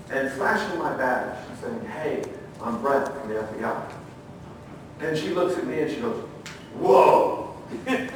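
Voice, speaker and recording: A middle-aged former federal agent gives a training talk in a conference room, animatedly telling stories, acting out quotes and asking the audience questions. His voice sits high, and the echoey recording sounds distant, with slight background noise.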